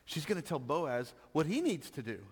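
This pastor's fairly high, husky voice has a sing-song lilt and moves at a normal speed, trailing a long reverb. His sermon feels like a chat, full of laughter and repeated "right?" checks.

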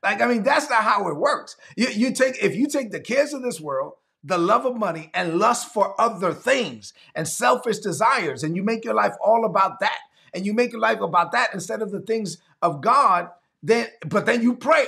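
A man preaching a sermon as pastor, animated and acting out the people he quotes. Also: sits high, moderate pace, vocal fry, few pauses.

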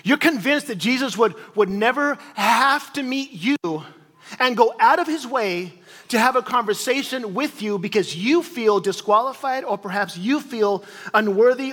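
A man's voice: very high-pitched, fairly bright tone. A pastor in his forties giving a sermon, talking conversationally and with animation, with repeated phrases and questions to the congregation. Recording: reverberant hall.

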